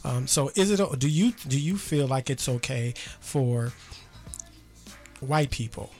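A man's voice: medium pitch, animated, measured pace, darkish tone, soft background music. A man hosting a call-in radio show, telling a story in a chatty way with many restarts.

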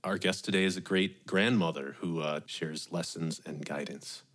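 A man's voice: low-pitched, moderate pace, fairly bright tone. A man co-hosting a radio talk show, chatting in a friendly, conversational way. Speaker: podcast co-host. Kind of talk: casual radio chat.

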